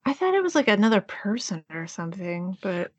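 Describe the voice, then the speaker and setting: A woman's voice: medium pitch, very animated, fairly quick, breathy edge, no room sound. Giggly woman podcast co-host, dry sound. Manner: chatty, giggly. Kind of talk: casual chat reviewing a documentary. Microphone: remote call.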